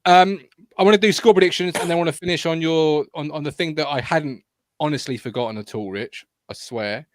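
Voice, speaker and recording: A man's voice: a little high, a little fast, no echo, studio quality. A man hosting a live fan show, chatting and reading sponsor plugs with enthusiasm. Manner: upbeat, reads plugs out enthusiastically. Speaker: host.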